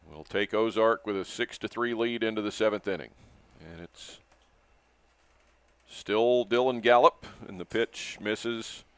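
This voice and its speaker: An older man calling live baseball as lead announcer, measured and matter-of-fact. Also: on the low side, fairly bright tone, clean tone, no echo.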